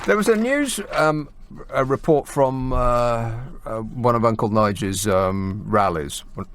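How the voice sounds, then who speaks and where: A man's voice: medium pitch, animated, slow, slight background noise. A man hosting a late-night phone-in radio show, talking in a sardonic, mocking way.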